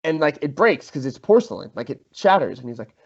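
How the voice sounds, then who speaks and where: Young male podcast host, animated storyteller, somewhat high voice, slightly dull recording. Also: fairly quick. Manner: animated, swearing, acts out quotes. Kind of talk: casual storytelling among friends.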